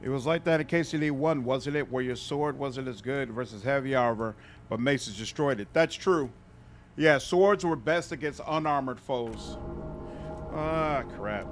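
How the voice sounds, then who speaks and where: A man's voice: medium pitch, a little slow, slight background noise. A man giving casual gameplay commentary, chatty and amused, thinking aloud as he plays. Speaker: gaming streamer.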